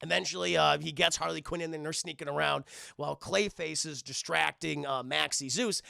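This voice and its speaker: A man reviewing a cartoon episode on a livestream, swearing constantly and addressing his chat in an animated, casual recap. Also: fairly high pitch, a little fast, creaky, no echo, clean studio sound.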